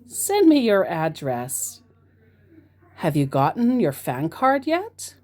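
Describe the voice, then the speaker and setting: A woman's voice: on the low side, huge pitch swings, slow pace, dark tone, full character voice. A woman reading out the lines of a pushy young male online romance scammer who is blunt and demanding.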